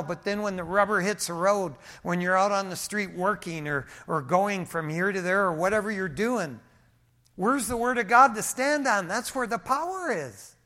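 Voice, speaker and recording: A male pastor preaching a sermon, his volume swinging from hushed to emphatic, mixing everyday stories and light humor into Bible teaching. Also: high voice.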